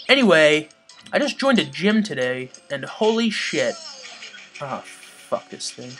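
A let's play gamer giving casual commentary, swearing often and yelling at the game. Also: mid-range voice, very animated, measured pace, pauses often, soft background music. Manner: swears a lot, yells at the boss.

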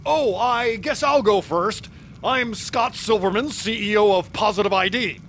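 Actor in a high, raspy-bright sneaky CEO, giggly. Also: male voice, unhurried, a little hiss or hum. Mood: mischievous. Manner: giggly, mischievous.

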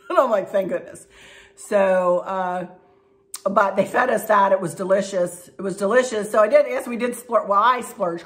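A woman's voice: fairly low pitch, fairly bright tone. Middle-aged lady vlogging, folksy, chatty, laughs a lot. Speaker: craft and decor vlogger. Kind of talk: casual chat to viewers.

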